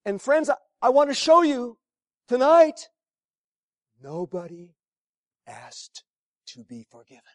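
High-voiced preacher, hushed to shouting. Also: male voice, big pitch swings, takes it slowly, long pauses, no room sound, studio quality. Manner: dramatic swings from hushed near-whispers to shouting; emphatic, repeats phrases for effect. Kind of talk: sermon.

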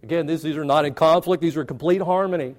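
A man's voice: on the high side, fast talker. Emphatic preaching man. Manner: emphatic, repeats phrases and rises for stress. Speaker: pastor. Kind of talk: sermon.

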